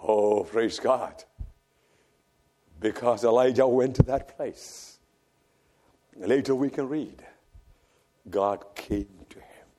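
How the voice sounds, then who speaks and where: A man preaching a sermon, swinging from loud fervent cries to hushed near-whispers and repeating phrases for emphasis. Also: mid-range voice, takes it slowly, long pauses.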